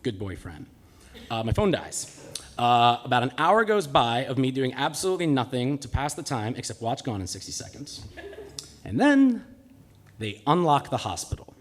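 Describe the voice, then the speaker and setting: Lively comic male storyteller on stage. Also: mid-range voice, normal speed. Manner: comic, self-mocking delivery. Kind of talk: live personal storytelling. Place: live stage in a cultural center.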